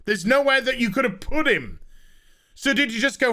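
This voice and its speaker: A man's voice: very high voice, expressive, moderate pace, pushed and bright. A man ranting through a comic film review, sarcastic and exasperated, with frequent swearing.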